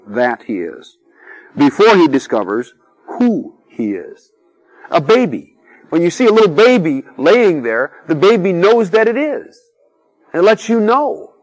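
A middle-aged man gives an informal sermon, talking to the listeners like a friend. His pitch swings widely and freely, and he keeps dropping in little acted-out voices between easy asides. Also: no room sound, poor audio. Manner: conversational, peppered with "you know", acts out quoted voices.

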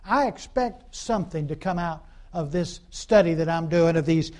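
A man's voice: fairly high pitch, moderate pace, darkish tone. A man preaching a conversational sermon in a folksy, repetitive way, full of fillers and call-and-response asides.

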